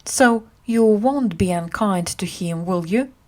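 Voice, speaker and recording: A woman voicing a calm, clever grown knight in a storybook, reassuring and slow. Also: medium pitch, natural voice.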